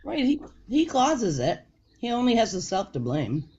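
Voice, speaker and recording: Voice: mid-range voice, huge pitch swings, normal speed, mellow. A speaker on a casual group audio chat, agreeing and chiming in with short replies. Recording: dull lo-fi audio with faint noise.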